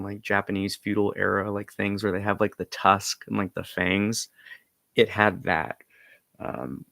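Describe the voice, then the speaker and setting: A man's voice: on the low side, vocal fry, a bit bright, dry recording. A young man casually telling a personal story, rambling with lots of filler words and restarts. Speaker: vlogger.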